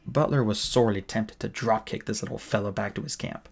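A man reading a novel aloud as an audiobook, with steady, plain storytelling. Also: lowish voice, fairly quick, gravelly, hardly any pauses, breathy edge. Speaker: audiobook reader.

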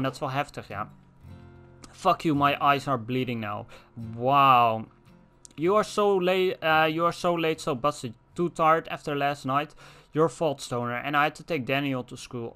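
A man's voice: medium pitch, normal speed, bright, forceful tone, smooth, soft background music. A young man doing casual gameplay commentary, reading in-game text messages aloud with crude jokes and asides. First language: Dutch. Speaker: let's player.

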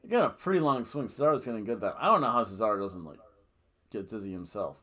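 A man hosting a casual wrestling review podcast, rambling and animated, often laughing and booing in mock outrage. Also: on the low side, quick pace. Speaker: podcast host.

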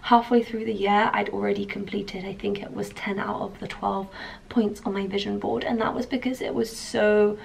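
A woman's voice: medium pitch, level tone, normal speed, creaky, a little hiss or hum, low-quality recording. A woman in her twenties chatting casually on her vlog, upbeat and filling her talk with "like". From London. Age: 20s. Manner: chatty, upbeat, lots of fillers like "like". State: groggy morning voice. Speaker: trainee surgeon and vlogger. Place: at home getting ready.

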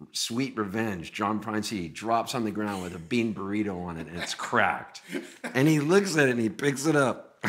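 A middle-aged man, a musician guest, telling a long story in casual talk and acting out the dialogue as he goes. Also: medium pitch. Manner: animated, acts out dialogue in his retelling.

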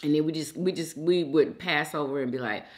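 A woman's voice: low-pitched, a little fast. A young adult woman hosting a mukbang, chatting casually to her viewers while she eats and calling them y'all. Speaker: mukbang host. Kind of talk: casual chat while eating.

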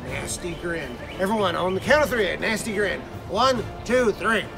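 A man's voice: high-pitched, expressive, normal speed, vocal fry, music in the background. A man playing a jolly pirate captain who teaches children the pirate rules with hearty, growling pirate talk. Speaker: pirate character in an art lesson.

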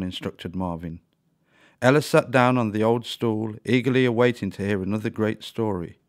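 Low-voiced man reading a children's story. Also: moderate pace. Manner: expressive, animated read-aloud.

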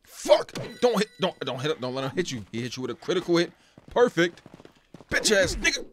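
A man's voice: a little high, huge pitch swings, fairly quick, fairly bright tone. A man giving casual, profane gameplay commentary and trash-talking the game's fighters as he plays. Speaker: gaming channel host. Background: game music.

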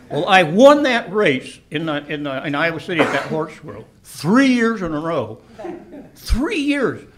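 An older man telling a personal anecdote in an animated way, laughing and shouting at the exciting moments. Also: medium pitch. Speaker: storyteller.

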